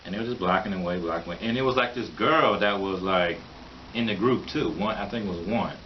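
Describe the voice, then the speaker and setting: A man's voice: sits low, fairly quick. A man giving a rambling, opinionated vlog monologue, mocking and laughing often as he talks. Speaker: vlogger. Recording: dull lo-fi recording with faint hiss.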